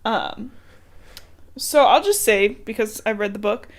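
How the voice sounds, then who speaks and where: A woman's voice: on the high side, measured pace. A woman co-hosting a podcast, chatting casually about a book in a teasing way and laughing often. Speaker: podcast co-host.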